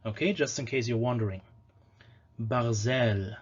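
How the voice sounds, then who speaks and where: Male lecturer, mid pitch, patient explainer who slows to sound out words; slightly dull lo-fi recording. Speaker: language lecturer. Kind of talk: educational lecture on pronunciation.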